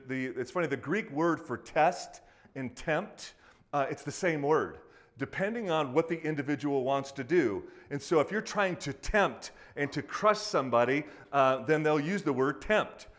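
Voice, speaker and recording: A man preaching a sermon to a congregation, speaking casually and acting out quoted voices with lively emphasis. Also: fairly high pitch. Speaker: pastor.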